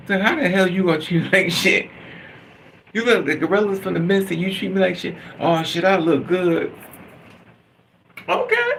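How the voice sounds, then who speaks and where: Gravelly man venting bluntly. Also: high voice, a bit bright, a little hiss or hum, low-quality recording. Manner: blunt, profane, venting with bitter humor. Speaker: vlogger. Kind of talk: candid emotional monologue.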